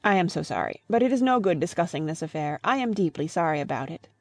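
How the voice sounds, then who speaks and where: A woman's voice: lowish voice, lively intonation, fast, a little mellow. A woman voicing a flustered, proper young lady in an audiobook, exclaiming in a raised voice. The sound is dry and close, with no room echo. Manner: agitated, exclaiming. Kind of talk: audiobook reading.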